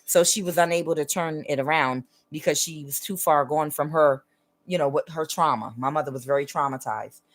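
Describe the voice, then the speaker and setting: A woman with a somewhat low voice gives a casual spiritual monologue on her own channel. She speaks earnestly and stresses her points, often checking in with the listener. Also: fairly bright tone. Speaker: tarot reader and spiritual channel host.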